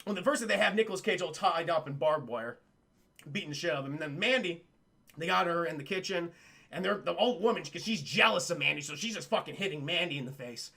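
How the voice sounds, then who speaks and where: A man's voice: on the high side, expressive, quick pace, gravelly, sharp tone. A young man livestreaming a casual spoiler recap of a film, rambling and swearing as he keeps talking to his chat.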